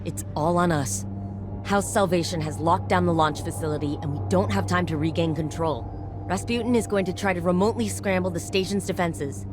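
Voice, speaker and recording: A woman's voice: fairly low pitch, fairly quick, lightly acted. A woman voicing a female mission controller in a video game, giving urgent briefings. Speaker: game character. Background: game music.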